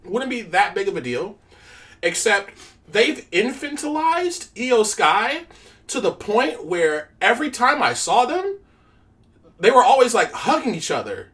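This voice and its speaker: A woman's voice: fairly high pitch, sing-song, a little slow, fairly bright tone, distant mic. A woman co-hosting a casual podcast chat, blunt, profane and opinionated. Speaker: podcast co-host.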